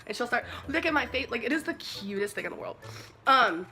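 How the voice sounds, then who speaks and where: A young woman vlogger chats to camera for a casual pet tag video, gushing and rambling about her pets with lots of fillers. Her voice is on the high side, expressive and fairly quick, with background music playing.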